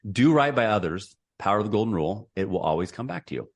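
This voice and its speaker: Brief: middle-aged man, low voice, earnest podcast guest who rambles and restarts a lot. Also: very animated, fast. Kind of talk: casual interview conversation.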